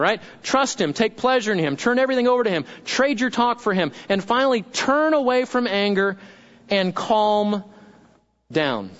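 Male pastor with a high voice, preaching conversationally, on a dull lo-fi recording. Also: animated, normal speed, a bit bright. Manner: conversational, asks the congregation questions. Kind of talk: sermon.

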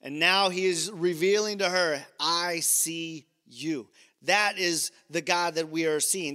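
Pastor, man: high bright tone, chatty and playful in the pulpit. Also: in a large hall. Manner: conversational, playful asides to the congregation. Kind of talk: sermon.

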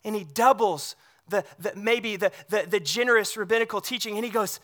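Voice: mid-range voice, a little fast, fairly bright tone. A pastor preaching a sermon in a conversational way, often checking in with the congregation through rhetorical questions and animatedly retelling scripture scenes.

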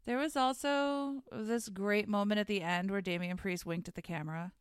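A woman's voice: medium pitch, steady tone, smooth, no echo, studio quality. A woman co-hosting a podcast, chatting casually and wryly about wrestling and laughing easily. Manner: chatty, wry, quick to laugh. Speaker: podcast co-host. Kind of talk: casual wrestling recap chat.

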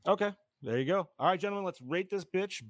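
A man hosting a casual movie-review podcast, excitable, swearing often and saying dude a lot. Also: high-pitched, fast, no echo, studio quality. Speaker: podcast host.

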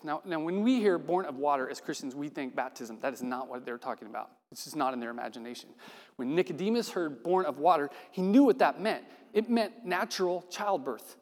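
Male preacher, conversational sermon, acts out dialogue, slightly high voice, reverberant hall. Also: brisk.

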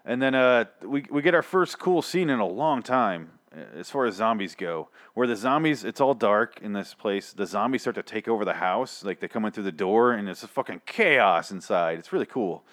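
A man's voice: fairly low pitch, animated, normal speed, hardly any pauses, fairly bright tone. A man giving a casual, ranting recap of a television episode, sarcastic and full of swearing and fillers. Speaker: show recap commentator. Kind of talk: casual profane recap monologue.

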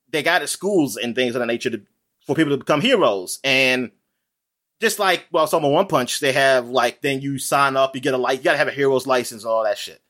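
A man talking in a casual, rambling chat, animated and full of fillers, laughing often. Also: mid-range voice.

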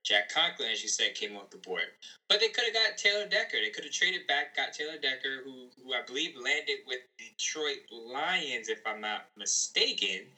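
A man's voice: medium pitch, expressive, normal speed, pushed and bright, rough recording. A man who writes about sports, co-hosting a podcast and talking in a chatty, self-assured, rambling way. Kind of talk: casual sports chat.

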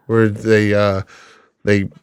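A man's voice: lowish voice, little pitch movement, slow pace, smooth, no room sound, studio quality. A man from Colorado, a guest comedian in a casual podcast chat, playful and a bit stuffed up. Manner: playful, drops into impressions. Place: podcast studio.

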